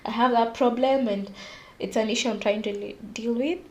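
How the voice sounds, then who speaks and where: A young woman talks to her listeners in a casual solo podcast. Her voice sits high, and her delivery is animated and confiding as she laughs at herself. She sounds like a host opening up about her own life. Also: moderate pace. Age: young adult.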